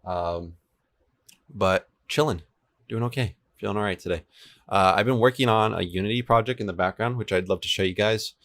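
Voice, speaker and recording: On a casual livestream, a twenty-something man codes a game server and responds to viewers' chat in a chatty, easygoing manner. His voice is fairly low and fairly bright, at a moderate pace. An air conditioner hums in his home room, and he alternates between two desk microphones.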